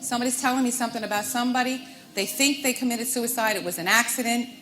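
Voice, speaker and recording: A woman's voice: a little high, quick pace, fairly bright tone, faint music behind. A woman working as a stage medium, addressing audience members one by one and calling them sweetheart and honey. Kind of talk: live audience reading.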